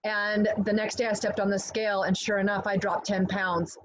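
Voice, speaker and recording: A middle-aged woman earnestly sharing a personal testimonial over a video call, clearing her throat now and then. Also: mid-range voice, level tone, moderate pace. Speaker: guest giving a testimonial. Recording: slightly dull call audio with faint hiss.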